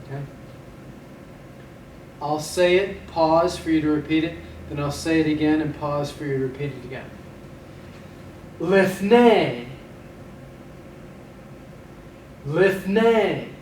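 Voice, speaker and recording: A man teaching a vocabulary lesson, slowly pronouncing each word and pausing for students to repeat. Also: a little high, level tone, darkish tone. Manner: slow, patient, repeats each word with pauses. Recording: echoey room, voice a bit far from mic, faint hiss.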